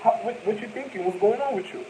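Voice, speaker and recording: A man's voice: high-pitched, fast, noisy background, pitched above the performer's own voice, natural voice. A man imitating his young girlfriend as she pushes him with repeated, insistent questions. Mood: coaxing. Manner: raised, nagging questions.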